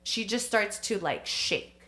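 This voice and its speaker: Young woman, bright crisp voice, casual supportive chat, quick affirmations, podcast co-host. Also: mid-range voice. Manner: supportive listener with frequent affirmations, mixes in Spanish phrases.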